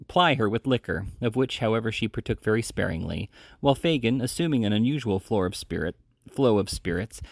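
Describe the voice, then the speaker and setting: A man reading a classic novel aloud at a steady pace, now and then correcting a slip. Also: medium pitch, creaky, dry recording, clean studio sound. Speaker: audiobook reader.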